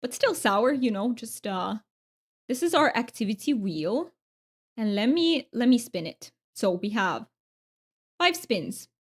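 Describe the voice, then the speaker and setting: A woman's voice: fairly high pitch, big pitch swings, unhurried, breathy edge. A woman from Romania streaming a game, chatting with her viewers in a bubbly, giggly way. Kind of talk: casual live-stream chat.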